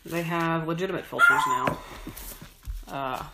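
A woman's voice: low-pitched, a little slow. A woman chatting casually while she cooks at home, rambling and swearing with self-mocking humor. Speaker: home cook. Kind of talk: casual chat while cooking. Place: home kitchen. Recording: kitchen noise with knife chopping.

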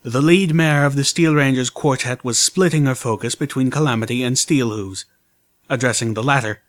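A man reading a first-person story aloud in measured, scripted narration. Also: medium pitch. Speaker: audiobook narrator.

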